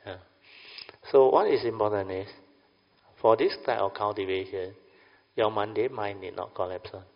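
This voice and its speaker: A man's voice: on the low side, normal speed, creaky. An older man giving a Buddhist dharma talk to a class, chatty, often asking "understand or not?". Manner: chatty, keeps checking the audience with "huh?" and "understand or not?". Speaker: Buddhist meditation teacher. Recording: lo-fi recording in a reverberant hall.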